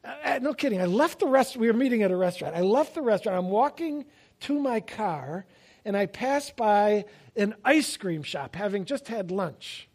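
A man preaching a sermon, telling stories with self-deprecating humor and swinging between loud emphasis and quiet asides. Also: sits high, animated, moderate pace. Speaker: pastor.

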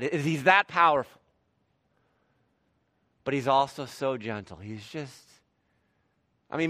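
Bright-voiced preacher, hushed then emphatic. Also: male voice, a little high, no room sound, clean studio sound. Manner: swings from hushed, soft lines to loud emphatic declarations. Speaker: pastor. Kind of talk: sermon with closing prayer. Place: church sanctuary.

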